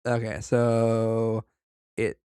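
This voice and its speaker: A man's voice: fairly low pitch, completely flat delivery, extremely slow, dark tone, smooth, dry recording. A man co-hosting a podcast, reading a story aloud and breaking off for profane, joking asides. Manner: profane, joking asides between read passages. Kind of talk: casual story reading with banter.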